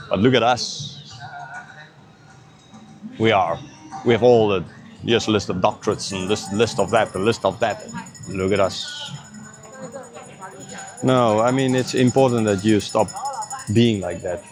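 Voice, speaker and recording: Earnest man teaching the Bible casually. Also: lowish voice. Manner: earnest, conversational, drops into mocking imitations; frequent "right?" and "okay" check-ins. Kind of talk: informal Bible teaching to camera.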